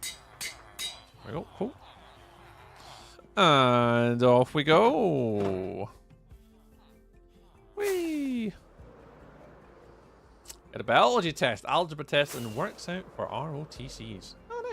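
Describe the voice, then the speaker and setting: Chatty Scottish young man, gravelly voice. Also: medium pitch, big pitch swings, takes it slowly, pauses often, a bit bright, soft background music. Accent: Scottish, Edinburgh area. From Scotland. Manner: chatty, reads chat aloud, repeats phrases. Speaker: livestreamer. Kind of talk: casual live-stream chat while playing.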